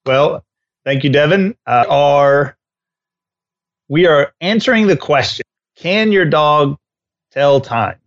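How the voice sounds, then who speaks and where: A man who trains dogs, co-hosting a podcast in casual chat and telling stories with lively acted-out bits. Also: fairly high pitch, slow, pauses often, dull audio. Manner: animated storyteller who acts out scenes. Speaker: dog trainer and co-host.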